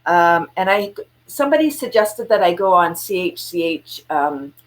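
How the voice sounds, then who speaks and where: Animated woman telling stories. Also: lowish voice, normal speed. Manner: animated storyteller, acts out quotes with laughs. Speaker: guest entrepreneur. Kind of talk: casual interview chat. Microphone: video call.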